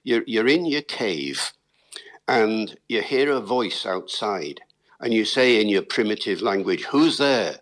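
A man, a linguist guest, explaining accents in a lively storytelling manner with the odd chuckle. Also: fairly low pitch, a little slow. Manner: lively storytelling, chuckles, talks to listeners as folks. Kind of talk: explanatory interview talk.

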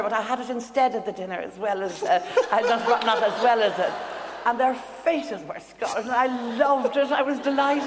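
A woman's voice: a little high, animated, a little slow. A woman telling a chuckling, self-mocking story to an audience. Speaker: guest author. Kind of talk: anecdote told to a live audience. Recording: echoey hall with audience and hiss.

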